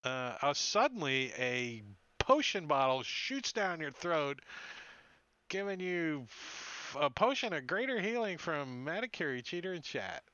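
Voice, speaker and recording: A man runs a tabletop game as game master, narrating in an unhurried way with relaxed, chuckling asides. His voice is bright. The recording is dull and lo-fi. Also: fairly high pitch, clean tone, dry recording. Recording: dull lo-fi mic.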